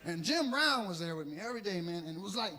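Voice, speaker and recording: A man doing live stand-up with a high, very lively voice that swoops up into shouts and down into mutters. His delivery is loose and profane, full of acted voices, over a noisy live-show background. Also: quick pace. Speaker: stand-up comedian.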